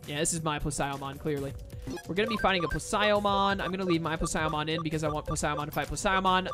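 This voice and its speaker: Laid-back gamer joking over game music. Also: male voice, on the high side, quick pace. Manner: laid-back, jokey, says "dude". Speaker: let's-play gamer. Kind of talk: casual gameplay commentary. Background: faint game music.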